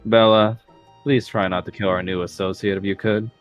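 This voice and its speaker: A man voicing a dapper cat-folk gentleman. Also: lowish voice, fairly even intonation, moderate pace, muffled recording, faint music behind, close to an everyday voice. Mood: dry. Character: polite well-dressed cat-folk gentleman.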